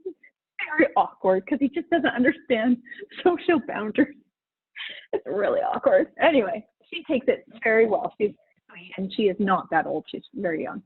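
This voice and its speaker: A woman's voice: on the high side, expressive, normal speed, dry recording. Woman, middle-aged, life coach, casual live-stream talk, encouraging, dry close sound. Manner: chatty, encouraging, laughs often. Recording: husky voice over a tinny phone-like line.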